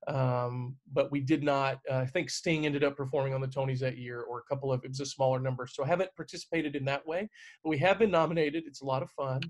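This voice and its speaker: A man's voice: mid-range voice, fairly even intonation, fast talker. A middle-aged man, a stage manager, chatting casually on a video call, with lots of fillers and restarts. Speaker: guest stage manager answering questions.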